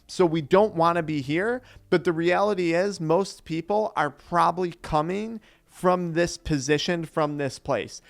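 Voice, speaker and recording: A man's voice: on the high side, unhurried, creaky, hardly any pauses, no echo. A young man, an addiction recovery coach, giving an earnest motivational talk that explains step by step. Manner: earnest, explanatory, acts out quoted voices.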